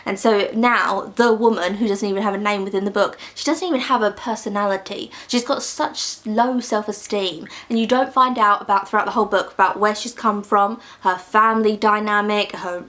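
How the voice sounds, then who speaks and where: Woman from the UK, chatty book review, ranty, animated, quick laughs. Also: medium pitch. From United Kingdom.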